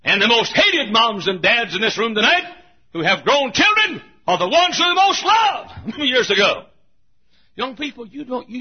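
Husky high-voiced preacher, shouting and hushing. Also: male voice, sing-song, moderate pace. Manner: emphatic preaching, swinging between shouts and hushed asides. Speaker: pastor. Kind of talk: sermon. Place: church. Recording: dull lo-fi recording.

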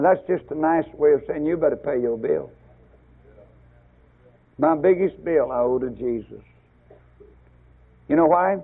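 Husky older preacher on tinny radio. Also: male voice. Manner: rising to loud emphatic bursts, then dropping low. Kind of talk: fiery sermon.

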